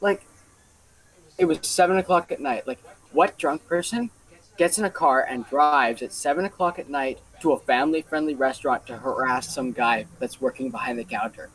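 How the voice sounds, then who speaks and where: A man's voice: medium pitch, normal speed, fairly bright tone, breathy edge, rough recording. A young man casually telling a story on a podcast, rambling and full of fillers. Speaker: podcast co-host.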